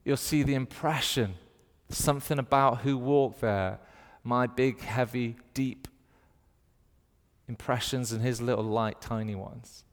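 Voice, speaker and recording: A man from the north of England with his own Northern accent, delivering a sermon in an animated storytelling manner. His middling voice carries a long reverb from a large hall. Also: mid-range voice, unhurried. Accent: Northern English. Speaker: preacher.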